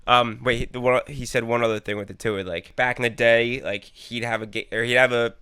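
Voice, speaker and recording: Bright-voiced young man chatting sports. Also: mid-range voice, steady tone, fairly quick, clear, resonant tone, no echo, clean studio sound. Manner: rambling, lots of fillers, laughs while telling stories. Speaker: podcast co-host. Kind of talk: casual sports chat.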